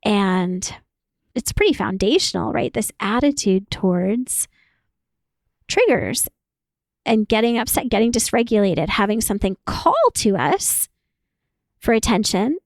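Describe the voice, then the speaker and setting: A woman therapist talking casually as a podcast guest, animated, acting out quoted voices and laughing often. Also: medium pitch, unhurried, long pauses, no room sound.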